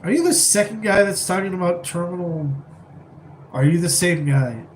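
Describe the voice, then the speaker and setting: A man's voice: sits high, expressive, normal speed, slight background noise, rough recording. A man casually chatting on a live stream, rambling and laid-back while answering viewers from a rented apartment, keeping his voice down.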